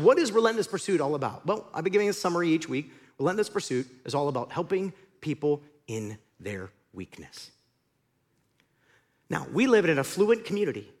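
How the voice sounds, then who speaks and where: A man preaching a sermon as pastor, in an animated, conversational storytelling way. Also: fairly high pitch.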